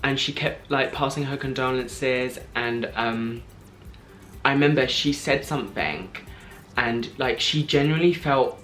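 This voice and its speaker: A man's voice: mid-range voice, measured pace, a bit bright, soft background music. Gushing young man telling a story. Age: 20s. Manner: gushing, breathless retelling full of "like" and "I was like". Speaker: vlogger. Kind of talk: excited personal storytelling.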